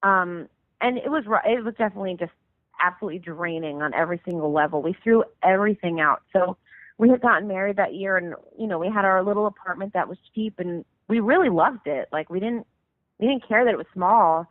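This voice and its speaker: A woman's voice: mid-range voice, brisk, no room sound. A woman in her thirties, a musician guest, telling a long story casually over the phone, full of "like" and fillers. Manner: rambling, filler-heavy, lots of "like". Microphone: phone call. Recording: tinny phone line, dry.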